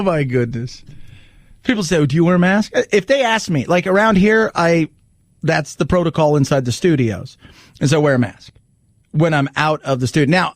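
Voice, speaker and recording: A man's voice: a little high, no echo. A man hosting a talk radio show in his studio, chatting casually and acting out voices when he tells a story. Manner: animated storyteller who acts out voices in jokes.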